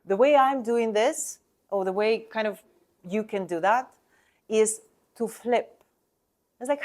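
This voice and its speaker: A woman's voice: a little high, slow pace, long pauses, darkish tone. A woman coaching real estate agents on sales talk, speaking emphatically in non-native English and asking the listener rhetorical questions.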